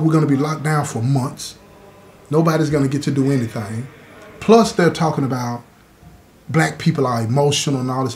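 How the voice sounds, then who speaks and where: A man hosting his own channel tells a story conversationally, with frequent asides to the listener and a habit of adding "you know what I'm saying." His voice is mid-range and a little mellow. Slight background noise can be heard.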